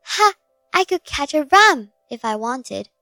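A woman's voice: high voice, lively intonation, normal speed, no echo, soft background music. A woman voicing a boastful male jackdaw bird with a snappy, indignant manner.

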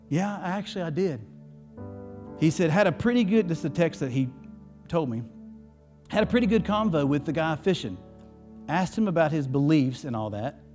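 In a church, a male pastor preaches a sermon, telling a story in a folksy, emotional manner full of restarts, and he is tearful. His voice is fairly high-pitched with a darkish tone.

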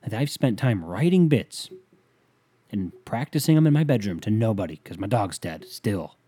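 Here a young man hosts his podcast alone in his bedroom, leaning on the mic and ranting with lots of swearing. His fairly low, mellow voice is slightly rough and very animated, moving at a moderate pace. The overall manner is profane, rambling and exasperated.

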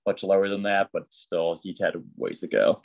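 A man's voice: low voice, animated, normal speed, creaky, a little mellow. A man co-hosting a podcast, chatting in an easygoing way. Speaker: podcast co-host. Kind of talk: casual chat.

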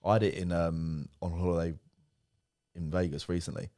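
A young British man co-hosting a podcast, quick with self-deprecating banter in casual chat. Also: sits low, level tone, mellow, no room sound, studio quality. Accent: British English. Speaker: podcast co-host.

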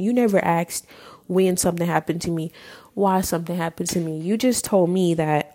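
Woman, 20s, podcast host. Low, mellow, gravelly voice. Candid, casual storytelling with swearing and halting pauses. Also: steady tone. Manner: frank and raw, casual with profanity, halting pauses. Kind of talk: candid personal storytelling monologue.

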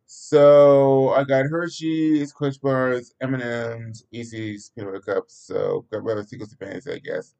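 A man's voice: mid-range voice, fairly even intonation, unhurried, vocal fry, hardly any pauses, a little mellow, low-quality recording. Guy reading as a tired awkward dad, mumbly and fumbling, storybook reading. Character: tired, guilty divorced father.

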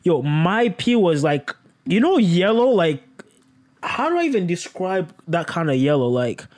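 A young man vlogging in a profane, rambling way, breaking into sudden high exclamations. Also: very animated, measured pace, a little mellow. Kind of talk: casual rambling chat.

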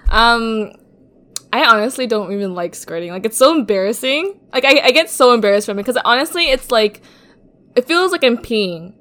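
A young woman co-hosts a casual podcast in a bright, slightly high voice. She talks frankly and chattily. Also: animated, moderate pace. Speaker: podcast co-host. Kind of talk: casual chat.

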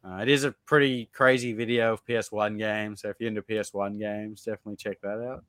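Casting: a man with a lowish voice, easygoing podcast host reading viewer comments, dry close sound. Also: flat delivery, quick pace, fairly bright tone, no room sound. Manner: reads viewer comments aloud, laughs easily. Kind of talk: casual podcast chat.

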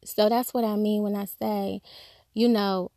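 A woman's voice: mid-range voice, little pitch movement, a little slow, gravelly, mellow, no room sound, studio quality. A woman giving a conversational devotional talk, telling personal stories candidly and acting out the voices of people she quotes. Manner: acts out quoted speech. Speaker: Christian speaker.

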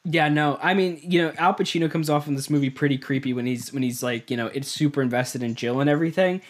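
A man's voice: on the high side, quick pace. A man co-hosting a casual movie review podcast, talking things through with repeated words and chuckles. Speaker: podcast co-host.

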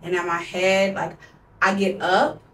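A woman's voice: fairly low pitch, level tone, a little slow, fairly bright tone, slight background noise. A young woman in her twenties, a podcast co-host, telling a personal story in a candid, emotional way, with heavy use of "like.". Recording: roomy sound, distant from mic.

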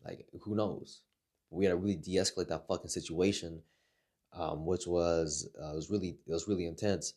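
A man's voice: low-pitched, fairly even intonation, normal speed, darkish tone. A man telling rambling stories in a casual chat, swearing a lot. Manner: rambling, heavy swearing, laughs through his stories. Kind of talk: casual storytelling.

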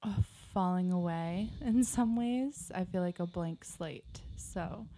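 Young woman podcast co-host, unhurried and grounded, pausing often, fairly low warm voice. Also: noisy background. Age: young adult. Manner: slow, grounded, pausing with many fillers. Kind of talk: casual chat.

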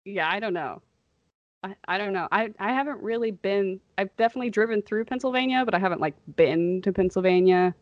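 A woman's voice: medium pitch, dry recording, dull audio. A young woman with a slightly nasal Chicago accent, co-hosting a podcast in casual, rambling chat. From American Midwest. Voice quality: somewhat nasal. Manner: rambling, laughs often, quick asides. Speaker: podcast co-host.

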